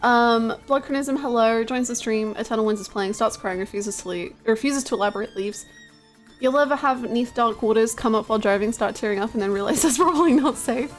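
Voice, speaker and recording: Giggly, high-voiced woman streamer. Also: a little fast, soft background music. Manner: giggly, chaotic, playful, greets chat by name. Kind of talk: casual live-stream chat with viewers.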